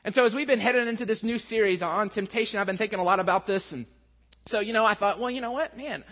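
A man's voice: sits high, fairly even intonation, fast talker. A man in his thirties, a pastor, preaching a sermon and telling a self-mocking personal story. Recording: dull sound with long hall reverb.

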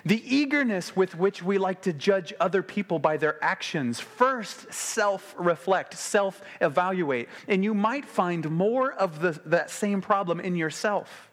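A man delivers a sermon in a talky, personal way, his voice pitched a little on the high side. He drops to slow, hushed emphasis at some points and speeds up into animated bursts at others. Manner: conversational, shifts between slow quiet emphasis and quick animated delivery. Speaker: preacher.

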